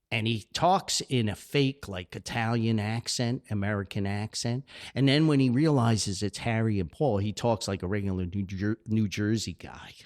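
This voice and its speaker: An older man, a podcast host and author, chatting casually about characters he wrote, often laughing and amused. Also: fairly low pitch. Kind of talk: casual chat about his own book characters.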